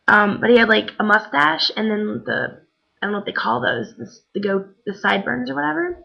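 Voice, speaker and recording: Tired young woman rambling, gravelly. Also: mid-range voice, a little fast. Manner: chatty, rambling, lots of "like" and "um". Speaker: vlogger. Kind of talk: casual chat. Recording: dull lo-fi webcam recording.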